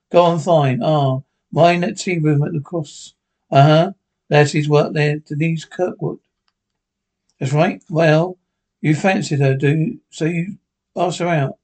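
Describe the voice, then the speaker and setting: Men with Scottish accents acting as bickering old male pensioners in a sitcom, trading quick, sweary, deadpan banter. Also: on the high side, creaky. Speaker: sitcom characters. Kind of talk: scripted sitcom dialogue.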